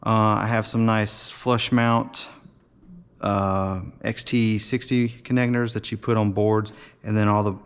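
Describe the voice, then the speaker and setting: A man's voice: fairly low pitch, little pitch movement, a little slow, smooth. A man casually showing and explaining his model build in a workshop, talking in a loose, rambling way with many fillers and restarts. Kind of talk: casual workshop show-and-tell.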